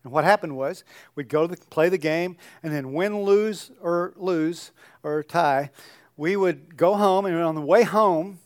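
A man's voice: a little high, a little slow, dry recording, clean studio sound. An older man, a pastor, giving a sermon in a conversational storytelling way with joking asides.

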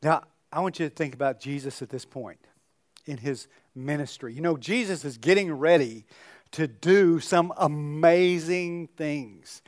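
Older man, pastor, fairly high voice, chatty sermon, jokey asides. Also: unhurried, no room sound, clean studio sound. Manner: conversational storytelling with joking asides.

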